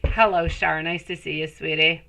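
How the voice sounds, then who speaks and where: Bright-voiced woman reading tarot live. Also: low-pitched, steady tone, normal speed, creaky, slight background noise, rough recording. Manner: affectionate, calls viewers sweetie; chatty, rambling with restarts. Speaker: tarot reader.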